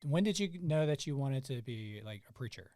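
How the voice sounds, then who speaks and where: A man's voice: medium pitch, lively intonation, brisk, dry recording, studio quality. A man hosting a podcast, chatting casually and affirming his guest's story. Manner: warm, affirming, conversational. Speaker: podcast host. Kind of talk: casual interview chat.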